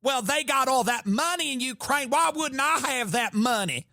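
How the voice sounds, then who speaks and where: A man's voice: very high voice, lively intonation, normal speed, sharp tone, no echo, studio quality, voice pushed up, exaggerated voice. A man voicing a sassy, blunt old male politician with an American Southern accent, talking like a reptile done pretending.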